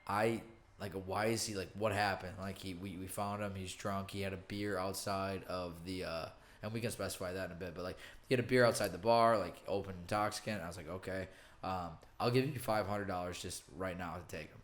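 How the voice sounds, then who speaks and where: A young man on a podcast telling a story in casual chat, animated, acting out quotes and laughing often. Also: low-pitched, fairly quick. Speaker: podcast co-host.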